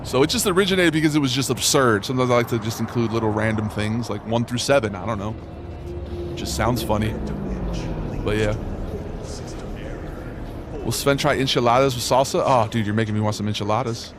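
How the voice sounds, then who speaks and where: A man's voice: medium pitch, brisk, pauses often. A young man live streaming and chatting casually with his viewers, laid-back and slangy, calling everyone bro. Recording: music playing loudly underneath. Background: game music playing under the voice.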